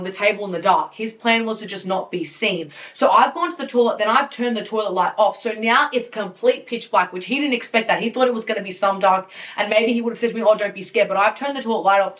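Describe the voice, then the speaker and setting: A woman in her twenties hosting a podcast, telling a story casually in an animated way with frequent laughs and swearing. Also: mid-range voice, a little fast, distant mic. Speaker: podcast host. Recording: voice a bit off-mic.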